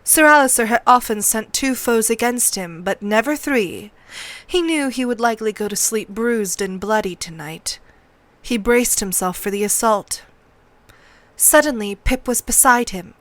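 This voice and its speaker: A woman narrating a novel aloud in a measured, steady read-along style, close to the mic. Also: on the high side, no echo.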